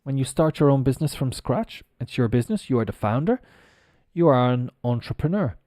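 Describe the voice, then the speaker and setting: A man from Ireland teaching English on a live stream, who spells words out slowly letter by letter and explains how they are pronounced. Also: mid-range voice, expressive, dark tone, dry recording, clean studio sound. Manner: explains pronunciation while working on screen.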